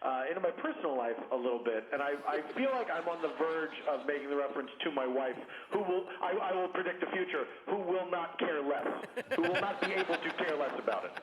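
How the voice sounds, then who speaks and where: Man, comedian calling in, rambling, self-mocking, slightly high voice. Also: lively intonation, fast talker, hardly any pauses. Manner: rambling, self-mocking, laughing at own jokes. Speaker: comedian guest. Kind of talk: phoned-in comedy chat. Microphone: phone. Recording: muffled echoey phone line with noise.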